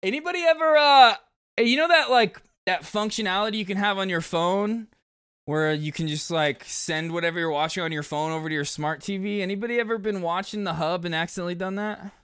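A chatty streamer reacting to clips on a live stream. The voice is smooth and clear, recorded dry and close, and runs on with quick asides to chat. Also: medium pitch, fairly bright tone, no echo. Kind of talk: casual live-stream commentary.

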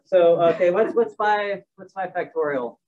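Heard from a distance in a dull classroom recording, a man with a high, darkish voice takes his time teaching math. He rambles casually, adds jokes along the way, and restarts himself as he works through the sums.

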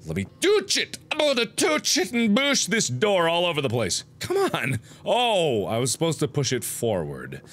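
Animated young man doing game commentary. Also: fairly high pitch, moderate pace, few pauses. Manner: playful, jokey, exclaiming and shouting in surprise. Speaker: gaming video host.

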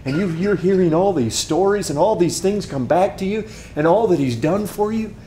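A male pastor preaching a sermon and telling a vivid story, swinging from loud to hushed. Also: high-pitched, lively intonation, moderate pace, echoey room, slight background noise. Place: church sanctuary.

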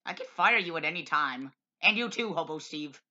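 A woman's voice: low-pitched, lively intonation, moderate pace, pushed and bright. A woman hosting a home-made comedy film review, bossy and mock-grumpy. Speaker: film reviewer, show host. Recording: lo-fi home recording.

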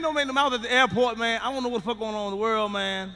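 A man doing profane stand-up on a big theater stage, high-pitched and bright-edged, with shouted punchlines and muttered asides. His voice rings out through a long concert hall reverb, with faint room noise under it. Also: fairly even intonation, fast. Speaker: stand-up comedian. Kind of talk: stand-up comedy routine. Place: large theater stage with live audience.

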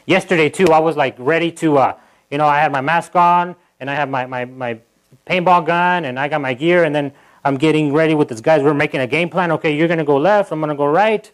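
The same kind of sermon comes fairly quickly from a pastor whose voice sits on the high side, captured on a rough recording in church. Conversational and full of restarts and congregation asides, he brings quotes to life in a livelier voice.

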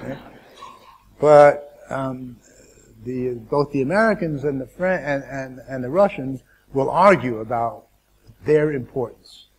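A man speaking as a guest lecturer to students, deliberate and wry, with asides and restarts. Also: mid-range voice, slightly rough.

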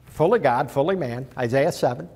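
A man's voice: mid-range voice, animated, normal speed, a little mellow, husky. A man preaching a sermon as pastor, earnest and building to emphatic climaxes. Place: church sanctuary. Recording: long reverb of a church hall.

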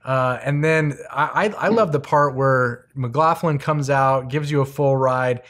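A man's voice: mid-range voice, fairly even intonation, measured pace, fairly bright tone. A man in his forties hosting a casual interview, recapping his guest's story with encouraging remarks. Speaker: podcast host.

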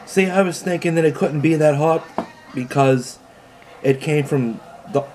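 A man's voice: fairly high pitch, a little slow, darkish tone. A man in a casual home video, talking plainly and laid-back as he tastes spicy food, his mouth burning, with the odd swear. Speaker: vlogger tasting food on camera. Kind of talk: casual food challenge chat.

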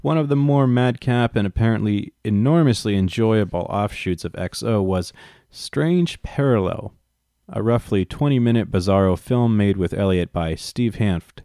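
A man's voice: on the low side, dark tone, dry recording, clean studio sound. A man reading a book aloud and breaking off into wry, profane asides. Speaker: reader and commentator.

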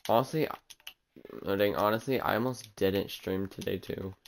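Low gravelly man streaming a game. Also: normal speed, a little hiss or hum. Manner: rambling, talks back to the game teasingly. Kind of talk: casual gameplay commentary.

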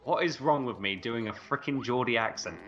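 Bantering through a let's play he co-hosts, a British man hums and sings nonsense as he plays and comments casually. His mid-range voice is fairly bright and a little fast. Game music plays under the dull lo-fi audio.

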